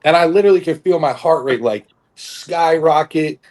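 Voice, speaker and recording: A man's voice: fairly high pitch, normal speed, darkish tone. A young man on a podcast telling a long story in a casual, rambling way, with lots of fillers and swearing. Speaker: podcast co-host, bodybuilder. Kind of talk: casual chat.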